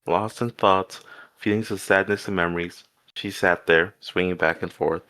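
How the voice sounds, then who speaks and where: A man with a very low voice reads fan fiction aloud at an even pace. He sometimes trips over a word and starts it again. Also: normal speed. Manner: steady reading with occasional restarts. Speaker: fanfic reader.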